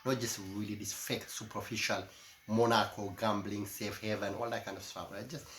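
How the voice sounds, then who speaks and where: A middle-aged man from Eritrea, delivering a passionate, ranting monologue that swings between loud outbursts and low asides, often repeating "my friend". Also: little pitch movement, normal speed, slight background noise. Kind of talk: impassioned monologue. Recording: echoey room with faint ambience.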